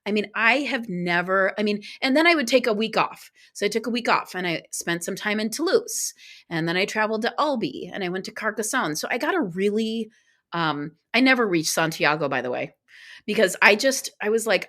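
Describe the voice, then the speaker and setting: A woman guest on a podcast, telling a travel story in casual conversation, talking in quick bursts with restarts. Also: medium pitch. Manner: animated, acts out quoted dialogue.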